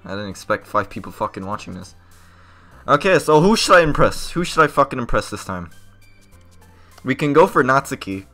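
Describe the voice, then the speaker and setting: A man's voice: medium pitch, very animated, fairly quick, faint music behind. Jumpy, swearing male game streamer. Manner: loud, profane, jumpy reactions. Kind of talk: live gameplay commentary.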